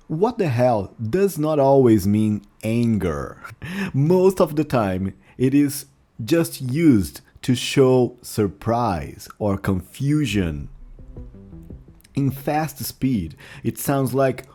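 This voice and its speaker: Slow, mellow-voiced male teacher. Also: mid-range voice, animated, soft background music. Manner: slow, careful, repeats phrases to demonstrate. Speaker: English teacher. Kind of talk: language lesson.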